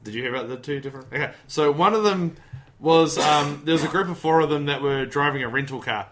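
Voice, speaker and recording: A man's voice: a little high, fast, background noise. A man hosting a casual podcast chat, telling stories in a rambling, joking way. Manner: jokey, rambling storyteller who slips into mock voices. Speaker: podcast host.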